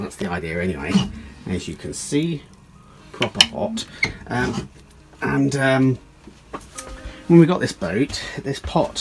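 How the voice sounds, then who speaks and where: A man's voice: medium pitch, vocal fry, a little mellow. Rambling, jokey man vlogging. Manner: rambling, jokey, many fillers. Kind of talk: casual vlog chat. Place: on a narrowboat.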